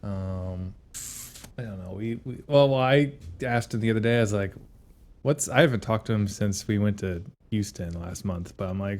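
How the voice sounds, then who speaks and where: A man's voice: fairly low pitch, moderate pace. A man co-hosting a podcast in casual chat, telling stories and acting out quotes from friends. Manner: animated storytelling, acts out quotes, laughs often. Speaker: podcast co-host.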